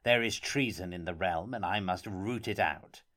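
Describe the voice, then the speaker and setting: Gruff, stern minister, suspicious and ungracious, as a male narrator reads him. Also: low voice, normal speed, fairly bright tone. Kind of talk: audiobook character reading.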